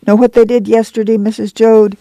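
Friendly lean camp boss, easy chatty way of talking, mellow voice, dry, guy reading it. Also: high-pitched, level tone, fairly quick, vocal fry, dry recording, pitched above the performer's own voice. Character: friendly, lean middle-aged camp manager.

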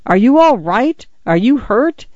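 A man doing a frantic, furious father yelling. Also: sits high, flat delivery, moderate pace, no room sound, close to an everyday voice. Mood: alarmed. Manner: shouting, frantic. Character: agitated furious middle-aged father. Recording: slightly dull, dry read.

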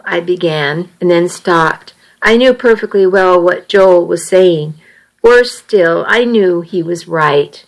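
A woman reading a first-person story as an audiobook narrator, measured and steady. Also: on the low side, poor audio.

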